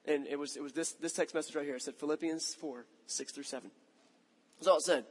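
Brief: pastor in his thirties, casual sermon storytelling, fairly high voice, long hall echo. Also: fast. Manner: conversational storytelling, self-mocking, animated.

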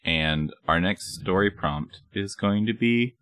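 Jokey podcast dude, lowish voice, dry close mic. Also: male voice, takes it slowly, smooth, no room sound. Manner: relaxed, jokey. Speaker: podcast co-host. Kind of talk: casual chat.

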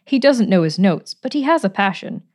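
A woman reading a storybook, voicing a charming, playful gentleman who speaks in a breezy, teasing, pleasant way. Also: medium pitch, expressive, normal speed, natural voice. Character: charming, playful gentleman adventurer, adult man.

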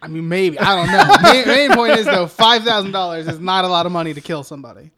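A young man with a high, bright voice riffs on a film podcast. His pitch swings widely, and he talks in an animated, jokey way, swearing freely. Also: quick pace. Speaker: podcast co-host. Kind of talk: casual film discussion chat.

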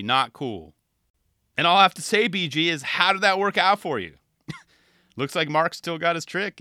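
A man from California commenting on a skate video in a casual, animated, chatty way, laughing often. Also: a little high, clear, resonant tone, dry recording, studio quality. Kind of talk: casual chat.

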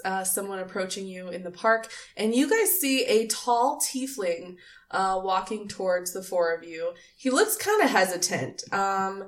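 A woman's voice: mid-range voice, recorded from a distance. A woman narrating as game master in a casual, rambling way. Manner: casual, lots of fillers.

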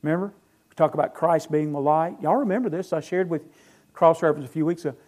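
A male pastor preaches in a fairly high voice. He is emphatic and asks his listeners questions, then answers them himself. His volume rises and drops sharply from phrase to phrase. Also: fairly even intonation, fast talker. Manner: loudness swings widely between phrases. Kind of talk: sermon.

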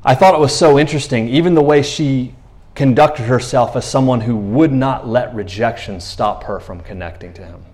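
A man preaching a sermon in a conversational, animated way, acting out the voices of the people in the stories he tells. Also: mid-range voice, normal speed.

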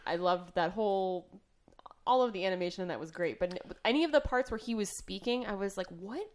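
A woman co-hosting a podcast who talks in a soft, agreeable way and thinks aloud. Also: mid-range voice, fast, slight background noise. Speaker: podcast co-host. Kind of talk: casual podcast chat.

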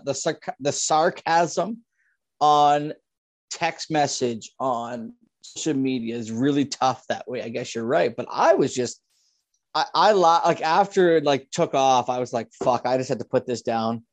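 Guest, man, Ontario farmer, casual and foul-mouthed, rants a lot; pitched a bit high, dry sound. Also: unhurried, no echo. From Ontario, Canada. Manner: profane, ranting. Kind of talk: casual chat. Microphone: video call.

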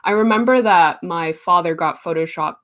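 A woman's voice: on the low side, normal speed. A young woman artist in a casual interview, chatty and laughing often, with many fillers.

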